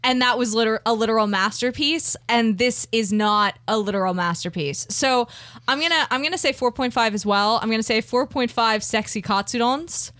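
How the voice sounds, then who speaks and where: A woman co-hosting an anime podcast, talking casually in a halting way with many restarts. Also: a little high, a bit bright, no room sound. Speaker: podcast co-host. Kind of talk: casual podcast review chat.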